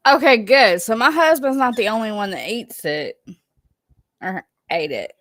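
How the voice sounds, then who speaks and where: A woman's voice: medium pitch, big pitch swings, measured pace, no echo, clean studio sound. A woman with a Southern Alabama accent, hosting a livestream and chatting casually as she reads viewer comments, playful and laughing at herself. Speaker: livestream host.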